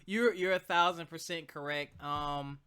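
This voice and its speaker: A man's voice: fairly high pitch, unhurried, crowd noise. A man hosting a podcast in casual conversation, who laughs easily and jumps in with questions. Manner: lively, laughs easily, interjects. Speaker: podcast host.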